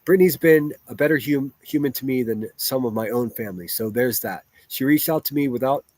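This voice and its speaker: A man's voice: mid-range voice, a little fast, darkish tone, no echo. A man ranting bluntly and profanely on a livestream, picking apart online drama and reading viewer chat aloud.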